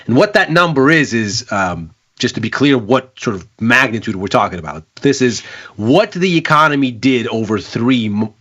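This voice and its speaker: A middle-aged man co-hosting a market show, measured and explanatory. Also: medium pitch, very animated, fairly bright tone, muffled recording. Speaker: market analyst co-host. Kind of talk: casual chat and market analysis.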